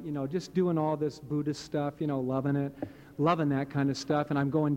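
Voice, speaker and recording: A man's voice: on the high side, flat delivery, a little fast, darkish tone. A man in his late fifties from Hawaii, sharing his story with a live audience in an earnest, rambling way. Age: late 50s. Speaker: speaker sharing at a recovery meeting. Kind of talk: personal testimony to a live audience.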